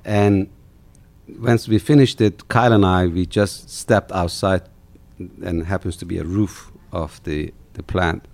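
A middle-aged man from Turkey, an animated storyteller who repeats words as he recounts his company's start in an interview. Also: low voice, unhurried. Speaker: company founder guest.

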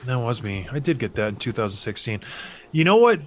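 A man's voice: medium pitch, big pitch swings, a little fast. A man in his thirties telling a hockey story in casual chat, acting out the voices of the people he quotes. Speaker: podcast host, former hockey player.

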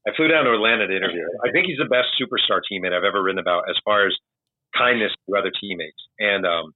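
A man with a fairly low voice tells animated stories in a relaxed, chatty way. He slips into the voices of the people he quotes. The sound is dry and tinny, like a remote call line. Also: dry recording. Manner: animated anecdotal storyteller, acts out quotes. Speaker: author guest. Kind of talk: casual storytelling.

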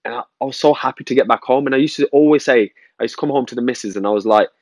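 A man hosting a podcast interview, talking in a relaxed, conversational way with loose restarts. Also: mid-range voice, very fast, no echo. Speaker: podcast host. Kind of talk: casual interview chat.

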